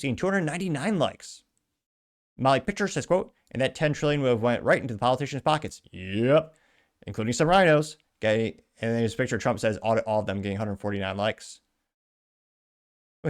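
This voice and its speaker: Guy host doing solo commentary, sneering and mocking, trails off a lot. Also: medium pitch. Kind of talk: solo commentary reading social media posts.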